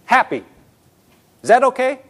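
A man preaching a sermon as a pastor, talking to the congregation in a lively, conversational way with quick restarts. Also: extremely high pitch. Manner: acts out quoted people in his own voice.

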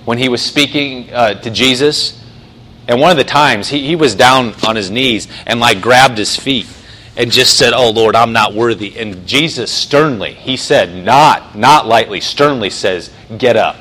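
A man preaching a sermon in a conversational way, often restarting and slowing down to stress phrases. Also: medium pitch, sharp tone, rough recording. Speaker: pastor.

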